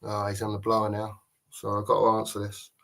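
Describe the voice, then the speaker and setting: A man with a Cockney accent co-hosting a casual pub chat show, blunt and quick to laugh. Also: lowish voice, completely flat delivery, gravelly, pushed and bright. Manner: laughs often, blunt and chatty. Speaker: podcast co-host.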